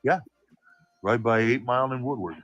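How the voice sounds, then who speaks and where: A man's voice: mid-range voice, moderate pace, a bit bright, dry recording, highs cut off. A man on a livestream panel, chatting casually in a jokey way and laughing often.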